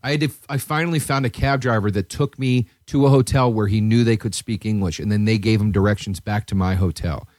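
A man hosting a podcast, telling a rambling, profane story in a casual chat and jumping to a high, excited voice at times. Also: brisk, few pauses, no room sound, studio quality. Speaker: podcast host.

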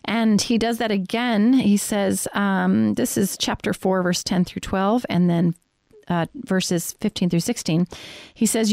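A woman's voice: medium pitch, steady tone, a little slow, gravelly, a little mellow, no room sound, studio quality. A middle-aged woman sex therapist, frankly and explicitly explaining a faith-based teaching on sexuality.

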